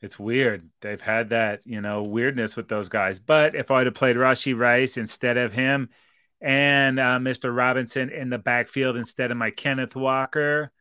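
A man's voice: mid-range voice, fairly even intonation, moderate pace, pushed and bright, smooth, no echo, studio quality. A man co-hosting a sports podcast in casual banter, playful and jokey. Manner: playful, jokey, calls people baby. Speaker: podcast co-host.

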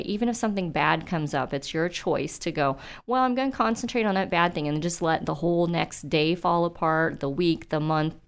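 A woman speaks as a guest on a podcast, with a smooth, clear voice pitched a little low. She talks earnestly and casually, with plenty of fillers, as an eye doctor. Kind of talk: casual interview chat.

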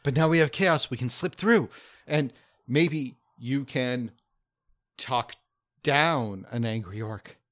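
A man's voice: mid-range voice, takes it slowly, a bit bright. A man playing a tabletop role-playing game on a podcast, joking and playful. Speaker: player and podcast host.

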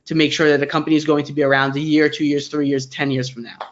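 A young man with a New York accent talks fast and high, an excitable interview guest who rambles and restarts his sentences. The audio is dull and lo-fi. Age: 20s. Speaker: guest, digital agency founder. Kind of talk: casual interview chat.

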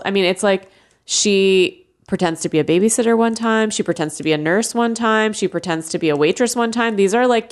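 A woman's voice: on the low side, clear, resonant tone. A woman hosting a podcast, chatting casually and animatedly with lots of fillers. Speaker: podcast host. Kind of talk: casual chat.

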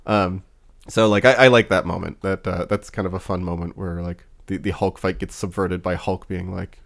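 Rambling low-voiced man, laughing wryly. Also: steady tone, moderate pace, creaky, fairly bright tone. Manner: rambling, lots of fillers and restarts; wry, laughs often. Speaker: podcast co-host. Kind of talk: casual chat.

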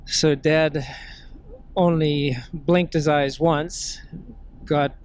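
A man being interviewed, recounting family memories in a gentle, unhurried way. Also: a little high, little pitch movement, clear, resonant tone. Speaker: interview guest. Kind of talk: storytelling in an interview.

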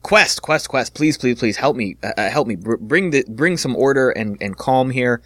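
A man's voice: mid-range voice, lively intonation, moderate pace, fairly bright tone, no echo, studio quality, lightly acted. A man voicing a fretful male town elder who pleads with a crowd and repeats himself nervously. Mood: pleading.

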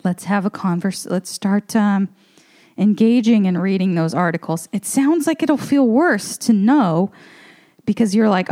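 A woman's voice: medium pitch, animated, unhurried, mellow. A woman, a comedian, talking in a loose, rambling way with lots of fillers and the odd swear word, a little out of breath as she walks around her apartment. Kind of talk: casual spoken monologue.

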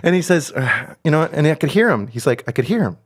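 Swearing, animated storytelling man. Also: a little high, fast, husky. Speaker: podcast host. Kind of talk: casual chat.

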